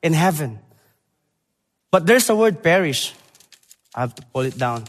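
A young man from the Philippines, preaching a sermon in halting English that moves between loud emphasis and quiet, earnest moments. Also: a little high, sing-song. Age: young adult. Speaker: preacher, Bible college graduate. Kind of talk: church sermon and missions presentation. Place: church sanctuary. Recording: long church hall reverb.

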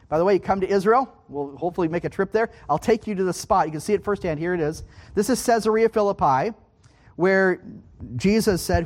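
A man giving a Bible teaching sermon in an emphatic way, repeating key points and checking in with his listeners. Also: high voice. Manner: emphatic, repeating key phrases and asking "okay?". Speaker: preacher.

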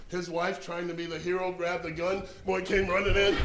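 A man preaching a sermon, telling a story and swinging from hushed, slow lines to loud exclamations. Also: sits high, little pitch movement, roomy sound, noisy background.

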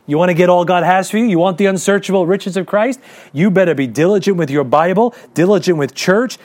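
A man preaching a sermon to a congregation, asking rhetorical questions and reading scripture slowly and deliberately. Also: high voice, a little mellow. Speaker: pastor.

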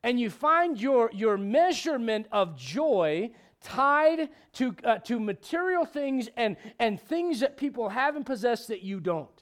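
Here a middle-aged man, a pastor, is preaching at a midweek Bible study. His delivery is animated and conversational, with quick, jokey asides to the congregation and spikes of high-pitched emphasis.

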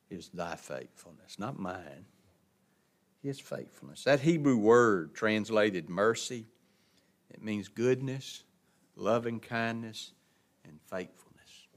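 Folksy man teaching the Bible. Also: on the low side. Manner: folksy, emphatic preaching with laughs and repetitions. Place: church classroom.

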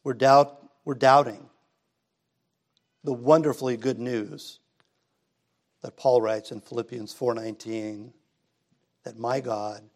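A middle-aged man delivers a sermon to his congregation. His voice sits at an ordinary pitch for a man. His preaching is relaxed and conversational, rising to emphatic passages. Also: vocal fry. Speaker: pastor. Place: church sanctuary.

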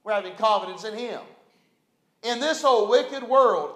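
A man, a pastor preaching a sermon to a responding congregation, swelling from quiet talk into loud bursts. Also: high voice, normal speed. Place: church sanctuary. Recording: echoey church room.

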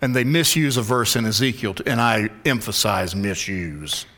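A man preaching from the pulpit with a bright, forceful tone at an ordinary pitch. He is emphatic and sometimes drops to a near whisper to drive a point home. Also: fairly quick. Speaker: pastor. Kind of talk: expository sermon.

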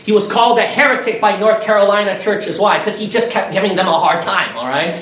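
A man preaching a sermon and telling stories in an animated way. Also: high-pitched, brisk. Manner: animated, storytelling with energy. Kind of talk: sermon storytelling. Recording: echoey room from far off with faint noise.

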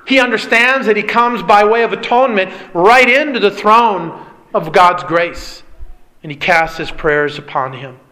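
A man preaching a sermon in an earnest way, dropping low and slow to stress key lines. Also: sharp tone, poor audio.

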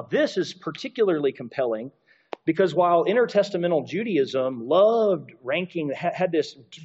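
A man's voice: on the high side, darkish tone, slightly rough, dull audio. A man preaching a sermon, explaining scripture in a conversational teaching manner with asides and repeated points. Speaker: pastor.

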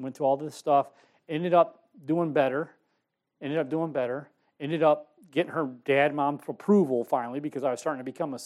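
A middle-aged man preaching a sermon, telling his own story with sudden swings between loud and hushed. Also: medium pitch. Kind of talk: sermon testimony.

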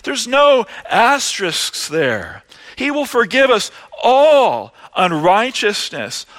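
A man preaching with a lively, swinging voice. He talks slowly and his tone is bright. His loud emphatic lines drop into hushed asides. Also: high voice. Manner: animated, rising to loud emphasis then dropping to hushed asides. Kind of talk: sermon.

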